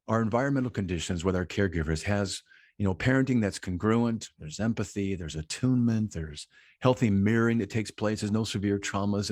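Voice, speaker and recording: A man's voice: lowish voice, a little mellow, no room sound, clean studio sound. A man on a mental health podcast, explaining concepts at length in conversation and often posing rhetorical questions.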